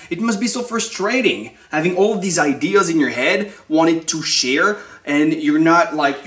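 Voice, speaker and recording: A man's voice: fairly high pitch, reverberant. French-accented man urging viewers on. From France. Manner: animated, urging, rhetorical questions. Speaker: vlogger. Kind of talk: motivational talk to camera.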